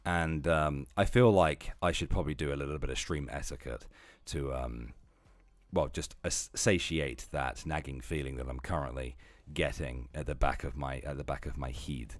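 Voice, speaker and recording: A man on a livestream chats casually at normal speed, rambling and swearing, swinging between loud outbursts and low muttering. There's no room sound.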